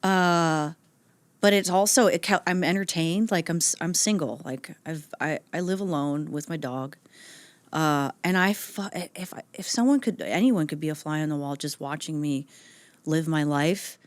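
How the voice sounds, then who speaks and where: A woman with a lowish voice talking as a podcast guest. She swears casually, mocks herself and breaks into laughter mid-thought. The recording is dry and close, with no room sound. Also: normal speed, dry recording. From upstate New York. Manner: profane, self-mocking, laughs mid-sentence. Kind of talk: casual interview chat.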